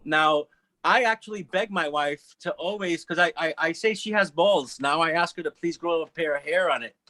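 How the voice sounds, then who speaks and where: A man speaking on a panel in a casual, animated, profane way, acting out little quoted voices. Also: fairly high pitch, moderate pace, dry recording.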